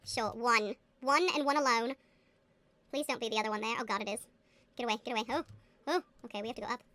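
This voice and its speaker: A woman's voice: a little high, quick pace, sharp tone, no room sound. A woman chatting to herself as she plays a game, giggly and playful, now and then slipping into a put-on accent. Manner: chatty, giggly, talks to herself while playing; slips into a playful mock accent. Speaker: gaming booktuber. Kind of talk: casual game commentary.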